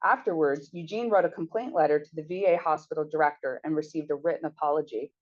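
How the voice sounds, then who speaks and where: A woman sociology professor giving a lecture and reading from her own book, measured, with small restarts. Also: low-pitched, muffled recording.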